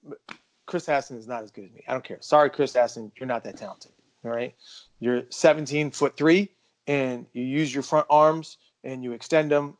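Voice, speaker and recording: A middle-aged man co-hosting a martial arts podcast, telling stories in an animated, boastful way. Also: medium pitch. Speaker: podcast co-host. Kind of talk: casual chat.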